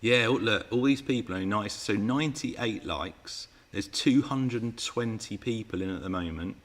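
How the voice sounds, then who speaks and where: A man's voice: on the low side, moderate pace. A man hosting a live Q&A stream, chatting with viewers and reading out their comments. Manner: chatty and playful, teasing viewers. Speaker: RC car channel host.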